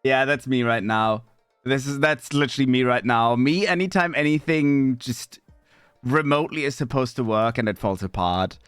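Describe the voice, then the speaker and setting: Young male streamer, middle pitch, scattered and exasperated, swears at his gear, dry close mic. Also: moderate pace, fairly bright tone, clear, resonant tone, dry recording, soft background music. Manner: jumps between mumbles and high squeaky outbursts. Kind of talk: live stream chat with viewers. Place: home streaming setup.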